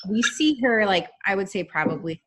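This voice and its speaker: A woman, a mother on a coaching call, asking a question with hesitant pauses and many "um"s. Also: mid-range voice, animated, fairly bright tone. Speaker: caller, a mother in the coaching group. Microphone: video call.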